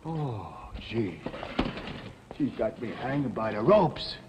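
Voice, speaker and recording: A rough, defensive New bartender who grumbles in slang. His voice swings widely while he mimics other people's voices. Faint background hiss runs beneath it. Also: mid-range voice, very animated, slow pace. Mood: agitated. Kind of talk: 1960 television drama acting.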